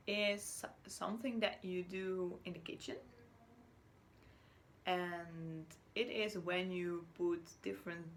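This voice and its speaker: A woman teacher from Chile giving a slow, patient recorded spelling lesson to young children, now and then whispering or acting out a word. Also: on the low side, a little hiss or hum. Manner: patient, drawn-out words, whispers or acts out words as examples.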